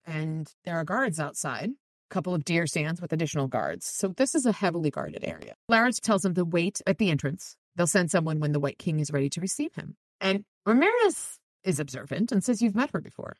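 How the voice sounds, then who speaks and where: A podcast host with a lowish, very animated voice recaps a novel fairly quickly in a casual way, with no echo in the recording. Along the way she reads passages from the book in light voices and makes chatty asides.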